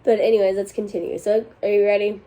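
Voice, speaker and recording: Mellow-voiced young woman reading posts. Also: mid-range voice, steady tone, quick pace, low-quality recording. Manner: chatty, laughs between lines. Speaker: host reading online posts. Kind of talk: casual chat reading forum stories aloud.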